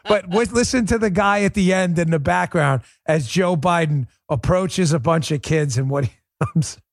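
Talk radio host, man from Queens, a bit high-pitched, lively and joking, dry close mic. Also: normal speed, no echo. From New York, Queens. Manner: animated, laughing, chatty.

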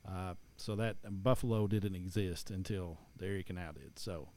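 A man's voice: deep voice, moderate pace, a little mellow. A man, chatting casually and rambling with many restarts. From East Tennessee. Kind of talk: casual chat.

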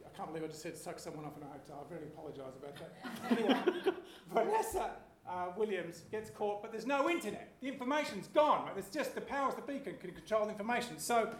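Forty-something guy rambling through a story, highish voice, echoey room, bit of hiss. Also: expressive, quick pace, hardly any pauses, a bit bright. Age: 40s. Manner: rambling, self-deprecating, stops to apologize. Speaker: panellist. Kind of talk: rambling comedic anecdote.

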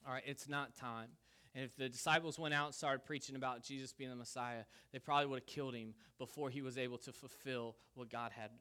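A man preaching a sermon, casual and conversational, with an animated delivery. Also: mid-range voice, brisk. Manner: lively, conversational preaching with Southern "y'all". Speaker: pastor.

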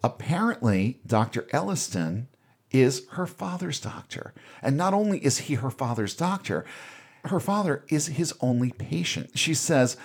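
A man's voice: medium pitch, lively intonation, measured pace, a little mellow, slightly rough. A man casually retelling a movie's plot on a podcast, wry and offhand, with the odd swear. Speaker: podcast host recapping a film. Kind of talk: casual recap chat.

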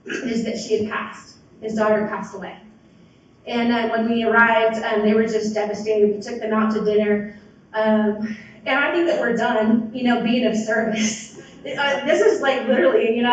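A woman's voice: a little high, a little hiss or hum. Woman sharing her story in an echoey hall. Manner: casual, rambling, many "like" and "you know" fillers. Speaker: speaker sharing at a recovery meeting, a sponsor. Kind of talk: personal recovery testimony. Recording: very echoey hall, voice from far off, dull sound.

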